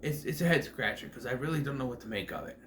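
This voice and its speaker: A man's voice: mid-range voice, quick pace, fairly bright tone, slight background noise. A man giving a casual, rambling film commentary, full of fillers and restarts. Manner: rambling, filler-heavy, self-correcting. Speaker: film reviewer.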